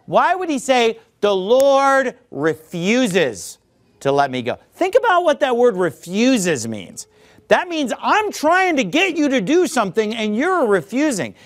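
A man preaching a sermon, speaking emphatically, drawing out key words and addressing the listeners directly as folks. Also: very high-pitched. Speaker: pastor.

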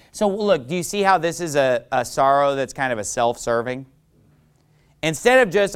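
A man preaching a sermon, who acts out the people he quotes with sudden loud outbursts. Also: on the high side, expressive, moderate pace, clear, resonant tone.

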